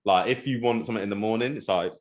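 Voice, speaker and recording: A young man hosting a podcast, telling stories in slangy, animated casual chat. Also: on the low side, quick pace. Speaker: podcast host.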